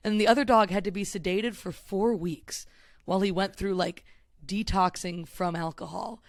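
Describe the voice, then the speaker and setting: A woman's voice: medium pitch, fairly even intonation, moderate pace, dry recording, studio quality. A woman co-hosting a comedy podcast, chatty and giggly as she relays a news story. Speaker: podcast co-host. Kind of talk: casual comedic chat.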